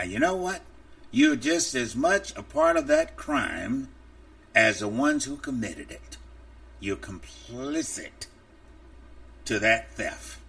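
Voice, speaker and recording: A male preacher gives an impassioned, openly angry podcast sermon in a slow, deliberate cadence. His gravelly voice swings widely up and down in pitch. He sounds set well back from the microphone. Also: fairly bright tone, far from the mic.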